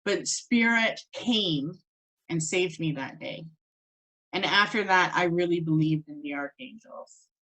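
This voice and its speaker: A woman teaching a spiritual course, telling a personal story in an animated way and acting out the voices of the people in it. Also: lowish voice, a little slow, rough recording. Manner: animated, acts out quoted voices.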